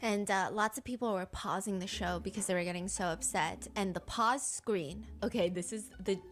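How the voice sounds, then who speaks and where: A woman's voice: mid-range voice, moderate pace, slight background noise. A young woman streamer recapping a show in casual storytelling, acting out the people she quotes. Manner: animated, acts out quoted people.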